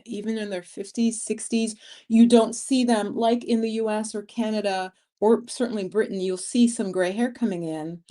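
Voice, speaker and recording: A woman in her fifties hosting a casual livestream, chatting and laughing as she reads viewer comments. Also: mid-range voice. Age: 50s. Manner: chatty, laughs often, animated storytelling. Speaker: livestream host.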